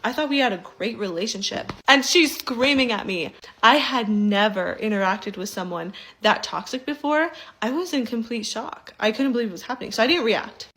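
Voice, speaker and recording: A young woman casually telling a personal story, animated and mimicking the people she quotes. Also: a little high, normal speed, hardly any pauses, low-quality recording.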